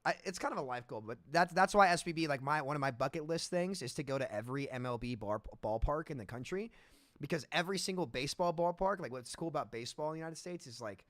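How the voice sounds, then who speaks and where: Man, podcast host, casual chat, animated storyteller, slightly high voice, dry close headset sound. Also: fast talker, no room sound. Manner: animated storytelling, stumbles and restarts.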